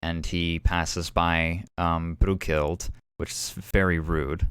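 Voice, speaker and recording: A man's voice: sits low, level tone, slow pace, fairly bright tone, smooth, no echo, clean studio sound. A man running a tabletop game as game master, narrating in a rambling, hesitant way full of fillers.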